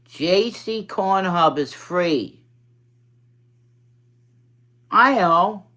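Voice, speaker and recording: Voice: mid-range voice, animated, slow, bright, forceful tone. A speaker in their forties with a New York accent and a slight speech impediment, chatting casually on a livestream in a rambling, profane way that sometimes turns childlike. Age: 40s. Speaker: drag performer livestreaming.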